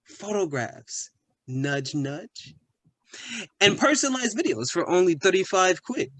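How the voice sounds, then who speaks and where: A man's voice: sits high, big pitch swings, a little slow, fairly bright tone, no echo, exaggerated voice. A man playing a crude, leering British bloke. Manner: leering, boastful, full of slang. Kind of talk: comedy sketch acting.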